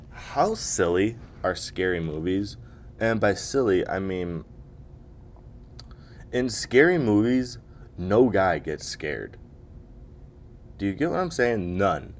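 Low-voiced guy doing a jokey podcast rant, swears a lot, faint rumble behind. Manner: casual, profane, jokey, slips into mocking impressions. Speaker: podcast host. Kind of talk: solo comedic podcast rant.

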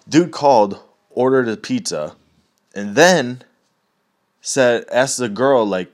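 A young man in a casual, rambling rant, swearing often and laughing at his own stories. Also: fairly low pitch.

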